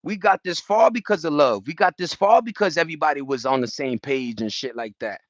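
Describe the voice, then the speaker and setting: A man holds forth on a casual livestream, cursing freely and slipping into quick impressions of other people. His voice sits a little high for a man. The sound is dull and dry, like a phone recording made outdoors. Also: dry recording. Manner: animated, profane street slang, acts out quotes. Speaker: livestream host.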